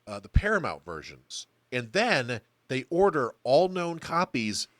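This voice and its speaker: Man, podcast co-host, casual blunt chat, swears a lot, crisp bright voice, dry close sound. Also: medium pitch, sing-song, a little slow, dry recording. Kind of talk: casual film discussion.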